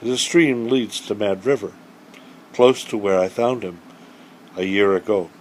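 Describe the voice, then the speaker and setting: Animated folksy male storyteller. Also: lowish voice, measured pace, slight background noise. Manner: animated, folksy, acts out the voices of the people in his story. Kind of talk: true story told aloud to children.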